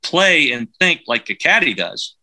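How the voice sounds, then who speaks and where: An easygoing man chatting about golf with a very bright, sharp edge to his voice. He talks in a relaxed, agreeable way, backing up his co-host and offering course memories. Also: a little high, unhurried. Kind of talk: casual golf chat.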